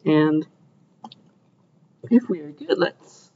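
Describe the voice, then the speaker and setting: A man's voice: fairly high pitch, animated, drawn-out words, slightly rough. Upbeat male lecturer, lo-fi classroom sound. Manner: upbeat, asks checking questions often. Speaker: computer science lecturer. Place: lecture room.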